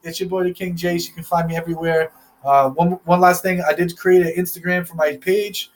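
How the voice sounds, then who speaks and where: A man's voice: high-pitched, steady tone, fairly quick. A young man hosting a casual talk show, loose and rambling, laughing often. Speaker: podcast host. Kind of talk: casual chat.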